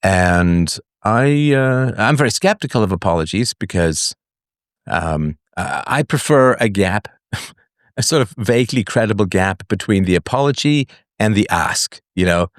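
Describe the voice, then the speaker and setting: A man with a deep voice hosts a live call-in philosophy show. He talks in a reflective, wandering way with a wry edge. His voice sounds dry and close, with no room echo. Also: animated, unhurried.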